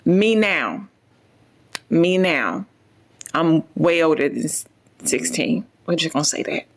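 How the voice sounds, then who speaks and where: Young woman w a gravelly, creaky voice, super animated storytime chat, does all the voices. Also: sits low, slow. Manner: animated, acts out every quoted person. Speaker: vlogger.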